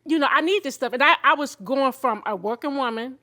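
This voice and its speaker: Fifties woman, slightly high-pitched, candid and emotional personal testimony with faith. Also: fairly quick. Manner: heartfelt, candid, emotional storytelling; faith-filled and expressive. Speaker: show host sharing her own story.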